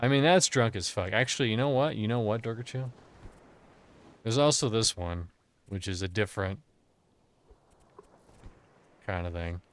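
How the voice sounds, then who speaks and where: A man's voice: on the low side, moderate pace, pauses often, clear, resonant tone. A man streaming a game live, chatting crudely and jokingly with his chat while a bit drunk. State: tipsy.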